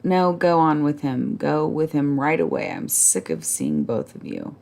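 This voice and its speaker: A tearful young nurse scolds sharply, her voice lifting higher and louder than the narration. A woman reads her in a storybook reading, with a gravelly edge under the shrillness. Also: very animated, a little slow, full character voice. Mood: upset.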